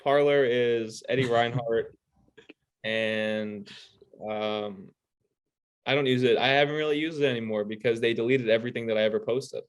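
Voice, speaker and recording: A man co-hosting a podcast in casual chat, rambling with fillers and dropping deadpan jokes. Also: mid-range voice, moderate pace, clean tone. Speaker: podcast co-host.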